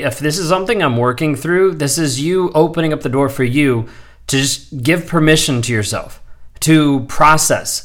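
A man in his thirties speaks at an ordinary mid pitch, hosting his own podcast. He talks candidly and loosely, circling back with many fillers as he works through his week. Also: a bit bright. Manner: candid, rambling, frequent "like" fillers. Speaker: podcast host. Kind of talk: casual solo podcast monologue.

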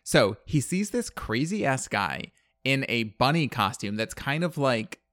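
A man's voice: medium pitch, big pitch swings, a little slow, a bit bright, no room sound, studio quality. A man telling a movie plot in casual chat, rambling with lots of fillers and acted-out quotes. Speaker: podcast co-host.

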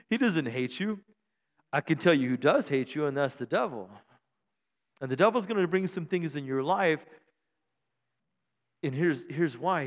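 Man, pastor, humorous sermon, call-and-response, high voice, echoing church sanctuary. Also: animated, moderate pace, a bit bright.

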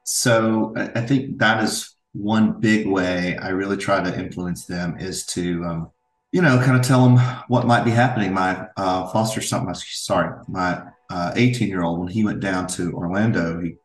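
A man's voice: low-pitched, moderate pace, faint music behind. A middle-aged man, a father, talking earnestly as a podcast guest and telling stories from family life. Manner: earnest, storytelling, with restarts. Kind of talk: reflective interview talk. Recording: roomy echo.

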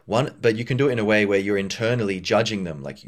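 A man's voice: lowish voice, fast. A man hosting a podcast, talking casually on his own in a rambling way with many fillers and restarts. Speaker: podcast host. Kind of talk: casual solo monologue.

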